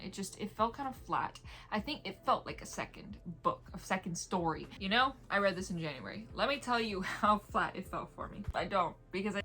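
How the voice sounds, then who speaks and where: In a casual video review, a book reviewer with a medium-pitched, fairly bright voice talks about an audiobook in a chatty, rambling way. She laughs often, drifts into tangents, and whispers playfully when mimicking vampires.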